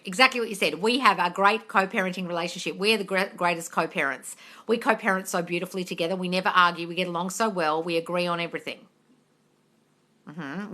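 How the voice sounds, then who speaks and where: A woman's voice: lowish voice, pushed and bright. A woman, answering viewers' questions on a live stream in a casual, blunt way, swearing freely and calling listeners darling.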